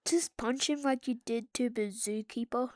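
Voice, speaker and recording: A woman hosting a reaction video, tossing off casual, deadpan comments. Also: a little high, normal speed.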